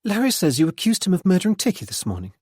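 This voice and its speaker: A man's voice: high voice, wildly swooping pitch, rapid-fire, darkish tone, husky, no echo, clean studio sound, pitched above the performer's own voice, full character voice. A man voicing a guarded young woman in an audiobook, raising his voice in clipped, defensive lines.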